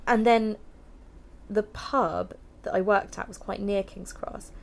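A woman's voice: medium pitch, fairly even intonation, takes it slowly, gravelly. A young woman, telling a personal story frankly in an interview, filling her talk with "like" and laughing here and there. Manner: frank, heavy use of "like", laughs while talking. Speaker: interview guest.

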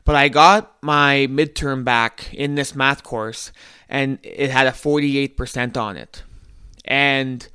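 Earnest young guy telling a story on his podcast, bright clear voice, dry close mic. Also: medium pitch, dry recording. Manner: earnest, reflective, with small restarts. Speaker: podcast host. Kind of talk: personal storytelling monologue.

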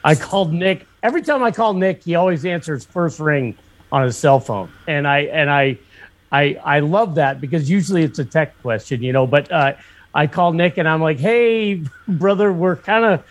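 A motorcycle shop owner from northwestern Pennsylvania, telling a story in casual chat, rambling and profane with lots of fillers and restarts. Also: male voice, on the high side, moderate pace.

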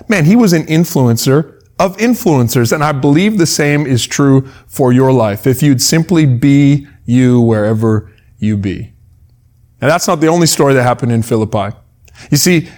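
A man delivers a sermon in a relaxed, conversational tone. His voice sits a little high for a man. He often restarts phrases, repeating a word before pressing on. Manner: conversational, repeats words when starting phrases; acts out quoted voices in asides. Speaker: pastor.

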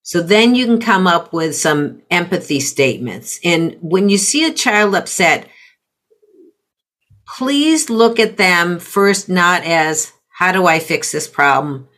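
Middle-aged woman, parenting coach, lowish voice, unhurried teaching delivery. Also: big pitch swings, fairly bright tone. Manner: measured, explains with example phrases. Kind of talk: conversational teaching.

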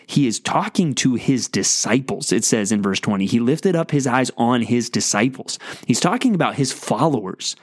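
A man delivers a sermon in an earnest, exhorting manner, often restarting his sentences as he pushes his point. His voice sits at an ordinary middle pitch. The sound is dry and close, with no room echo. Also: animated, normal speed, hardly any pauses. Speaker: pastor.

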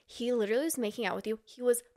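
A woman's voice: fairly high pitch, rapid-fire, dark tone. A woman from Utah, a podcast guest, telling a long gossipy story in casual chat and acting out the people she quotes.

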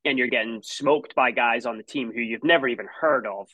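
A man's voice: mid-range voice, a little fast, bright, forceful tone, no room sound, rough recording. Scottish man telling stories, restarting often. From Scotland. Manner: rambling with many restarts and fillers. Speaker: guest, former college runner. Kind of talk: casual interview conversation.

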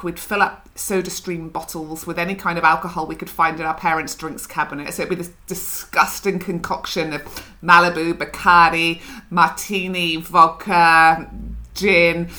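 A woman's voice: on the low side, bright, forceful tone. A middle-aged woman from Scotland, a guest on an interview podcast, talking frankly and reflectively about her own life. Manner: reflective, frank, laughs through her story. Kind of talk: candid conversational storytelling.

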